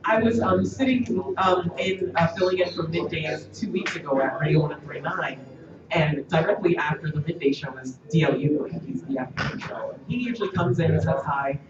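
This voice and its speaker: Animated woman telling stories, echoey live stream. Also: on the low side, moderate pace. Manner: animated, lots of quoted dialogue. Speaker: radio host, guest on a show. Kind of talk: casual storytelling interview. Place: room at a live-streamed event. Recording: echoey, distant, dull live stream with room noise.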